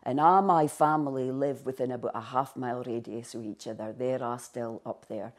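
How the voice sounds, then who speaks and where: A woman's voice: a bass voice, steady tone, normal speed. A woman with a North East Scots accent, a lecturer speaking in an interview and sliding between standard and broad Scots. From North East Scotland. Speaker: linguistics lecturer. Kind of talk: interview talk.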